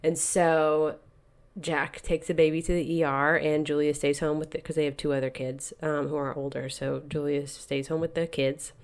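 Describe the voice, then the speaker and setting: A woman's voice: low voice, level tone, normal speed. A woman co-hosting a podcast, casually retelling a novel's plot in a chatty way, peppered with "like" and "you know.". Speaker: podcast co-host. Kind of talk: casual book-club chat retelling a plot.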